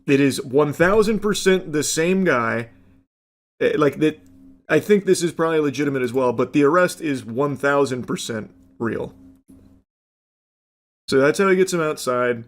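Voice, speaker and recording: A man talks casually over a video clip, rambling and speculating as he goes. His voice sits a little high for a man, and he fills his sentences with likes and uhs. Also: animated, normal speed, pauses often. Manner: rambling, speculative, lots of fillers. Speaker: commentator.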